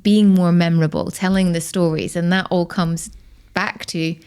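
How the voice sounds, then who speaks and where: A woman's voice: fairly low pitch, fairly even intonation, normal speed, darkish tone, clear, resonant tone. A woman with a Scottish accent, a guest on a business podcast, speaking emphatically and acting out the quoted lines in her stories. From Scotland. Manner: emphatic and opinionated, acts out quoted dialogue. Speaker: podcast guest, personal branding expert. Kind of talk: conversational interview.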